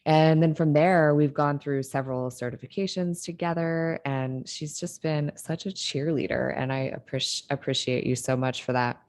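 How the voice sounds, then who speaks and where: Woman, podcast host, very deep voice, enthusiastic, effusive, casual chat. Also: fairly even intonation, moderate pace, hardly any pauses, darkish tone. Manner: enthusiastic, effusive, laughs easily. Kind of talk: casual interview talk.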